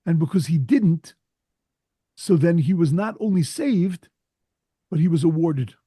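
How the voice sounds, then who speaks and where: Male rabbi, sermon storyteller, husky, dry close sound, earnest and emphatic. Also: a little high, measured pace, mellow, no echo.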